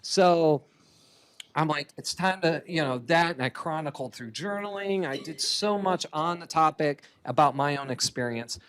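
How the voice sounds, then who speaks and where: A man giving a keynote talk as a comic artist, lively and chatty, laughing often. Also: on the high side, moderate pace. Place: conference hall stage.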